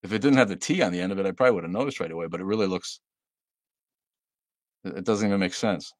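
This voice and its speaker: Reading viewer comments aloud at a quick pace, a deep-voiced male host answers them with blunt sarcasm on his casual livestream, dropping in lots of fillers and laughs. Audio is clean and studio-like, without room reverb.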